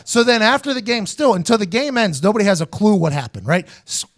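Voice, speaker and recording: American male host, 30s, high-pitched, animated profane storyteller, dry close mic. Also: fast, dry recording. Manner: animated, profane, acts out quotes in raised voice. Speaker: host, former punter. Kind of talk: casual storytelling podcast chat.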